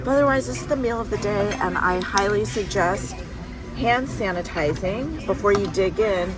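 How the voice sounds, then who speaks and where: A woman's voice: medium pitch, moderate pace. Chatty woman vlogger over music. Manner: chatty, frank, complains with humor. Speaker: vlog host. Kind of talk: casual travel vlog narration. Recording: music playing underneath.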